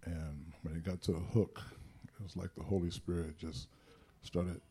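Deep husky man giving a church testimony. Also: fairly even intonation, moderate pace, dark tone. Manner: earnest storytelling, exhorting. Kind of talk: testimony during church service.

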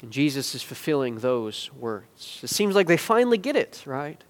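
A man preaching a sermon, building from quiet explanation to loud, emphatic peaks and back to hushed asides. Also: medium pitch, very animated, normal speed, big-room sound. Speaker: pastor.

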